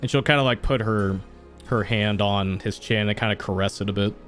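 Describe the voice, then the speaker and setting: A man's voice: fairly low pitch, fairly even intonation, fairly quick, a bit bright, faint music behind. Casual young male game master. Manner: casual, filler-heavy, restarts often. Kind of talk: narrating a tabletop game.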